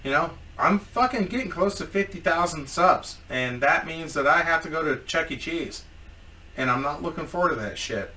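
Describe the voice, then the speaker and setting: A man's voice: fairly high pitch, expressive, moderate pace, sharp tone, distant mic. A man telling a story in a casual, profane, rambling vlog as a YouTuber.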